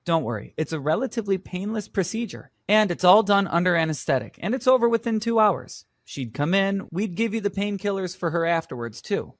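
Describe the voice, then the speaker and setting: A patient vet who explains with reassurance in an exam recording. His voice is fairly high and very lively in pitch, recorded dry in a studio. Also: a little fast, few pauses, no echo. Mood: reassuring. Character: calm reassuring male vet. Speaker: vet in a scripted exam dialogue. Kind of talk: scripted exam role-play.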